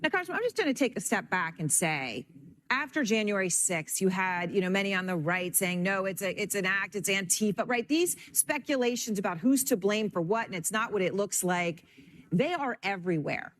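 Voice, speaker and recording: A woman anchoring a cable news interview, brisk and measured. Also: medium pitch, animated, a bit bright, no echo.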